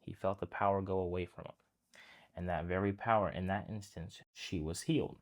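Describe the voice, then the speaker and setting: This preacher's voice sits low with a steady tone, and he talks fairly quickly. His sermon is casual and chatty, a retold story aimed right at the audience, whom he calls "guys," with frequent restarted phrases.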